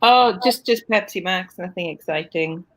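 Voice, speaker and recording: A woman's voice: on the low side, normal speed, rough recording. A Welsh woman from Wales hosting a casual livestream chat on a video call, rambling with lots of fillers. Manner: chatty, rambling, frequent fillers. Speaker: livestream host.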